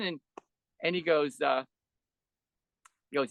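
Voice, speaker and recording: An older man with a rather high voice speaks as a podcast guest, telling long reflective stories. He meanders, restarts his sentences and leans on fillers, and he turns animated and full of wonder when he recounts an experience. The sound is dry and close, with no room echo. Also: normal speed. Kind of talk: reflective conversational storytelling.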